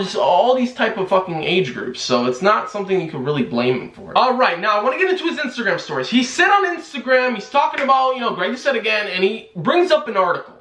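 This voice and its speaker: A man's voice: high voice, fairly bright tone. A young man ranting and mocking in a profane commentary vlog. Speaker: YouTube commentator. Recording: echoey room.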